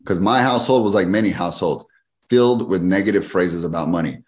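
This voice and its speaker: Deep-voiced man telling a story. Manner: animated, fast-paced storyteller who acts out quoted people. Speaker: podcast guest, fitness business owner. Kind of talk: casual storytelling interview.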